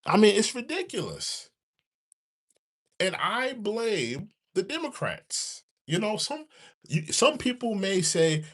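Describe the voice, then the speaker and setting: A man with hosts a casual commentary stream. He talks in a high, lively voice that jumps around in pitch, circling back to the same points over and over. His delivery is loose and animated, like a live rant to his chat. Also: takes it slowly, slightly rough. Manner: animated, repetitive, rants and mock-sings. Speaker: commentary show host.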